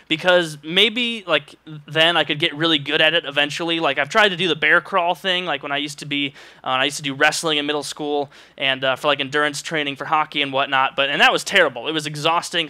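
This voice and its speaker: A man's voice: a little high, pushed and bright, clean tone, dry recording. A young man vlogging comedic commentary, with sarcastic, exaggerated rants into a close mic.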